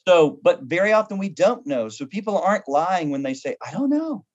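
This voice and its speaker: Lively storytelling man in his fifties. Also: on the high side, brisk. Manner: humorous, animated, acts out quoted voices. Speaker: pastor and counselor. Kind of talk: conversational storytelling on a podcast. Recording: dull lo-fi audio.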